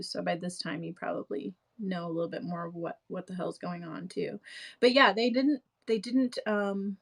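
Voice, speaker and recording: A woman's voice: lowish voice, creaky, low-quality recording. A young woman hosting a live stream in casual chat, rambling and full of fillers and restarts.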